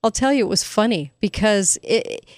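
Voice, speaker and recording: A woman's voice: medium pitch, lively intonation, moderate pace, a little mellow, no room sound, clean studio sound. A woman hosting a casual commentary monologue, sarcastic and emphatic, laughing at her own points. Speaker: commentary host.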